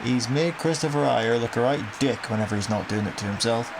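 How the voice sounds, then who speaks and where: A man's voice: mid-range voice, fast, background noise. A young man casually commentating a football video game, wry and exasperated, cursing at his team's misfortunes. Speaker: gaming commentator.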